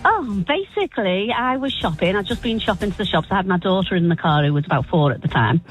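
A woman calling into a radio show, telling a funny story and jumping her voice high when she quotes herself. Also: fast talker, faint music behind, rough recording. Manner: animated, voice jumps high when quoting herself. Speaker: caller.

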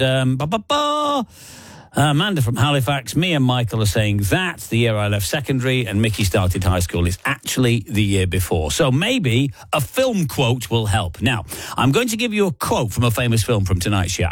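A man's voice: mid-range voice, no room sound, clean studio sound. A man with a Lancashire accent presenting a radio show in a casual, joking way, reading out listeners' messages. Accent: Northern English, Lancashire. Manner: chatty, joking, reads out listeners' names. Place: radio studio. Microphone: studio microphone.

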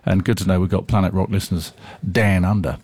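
Husky-voiced male radio DJ. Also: deep voice, little pitch movement, fast talker, darkish tone, no echo. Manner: chatty, with fillers. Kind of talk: casual radio presenting. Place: radio studio. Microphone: studio microphone.

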